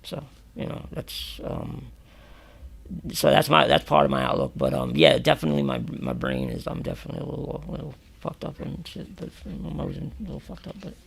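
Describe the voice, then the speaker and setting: A man's voice: mid-range voice, fairly quick, creaky, slightly rough. A man from New York, an interview guest, telling prison stories casually, swearing freely and acting out what people said. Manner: animated, acts out quotes with loud exclamations, swears freely. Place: radio or podcast studio.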